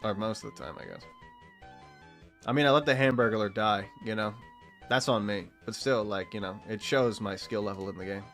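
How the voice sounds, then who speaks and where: A man's voice: on the low side, moderate pace, fairly bright tone, soft background music. A man from Texas giving casual, rambling gameplay commentary as a streamer, swearing freely and laughing often.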